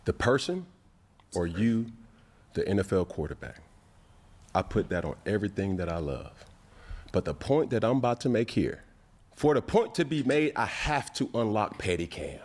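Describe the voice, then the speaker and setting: A man hosting a sports talk show, speaking emphatically and deliberately, addressing people directly. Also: lowish voice. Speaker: show host.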